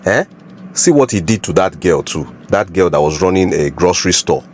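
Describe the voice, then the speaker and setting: A man giving calm, disapproving commentary. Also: low voice, moderate pace, slight background noise.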